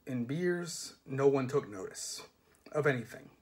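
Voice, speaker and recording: Man, reading aloud, measured, dry, mid-range voice. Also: medium pitch, animated, darkish tone. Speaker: reader.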